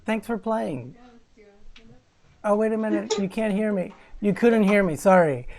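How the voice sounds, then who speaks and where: A woman hosts an online concert series from her home, chatting casually and rambling while frequently correcting herself mid-sentence. Her medium-pitched voice is expressive, a little mellow and measured in pace.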